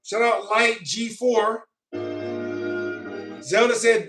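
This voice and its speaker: A man's voice: high-pitched, big pitch swings, slow pace, long pauses, over music. A man reading viewer comments on a live stream, arguing with commenters in a defensive, lecturing way and often asking if they know what he means. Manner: repeats "you know what I mean".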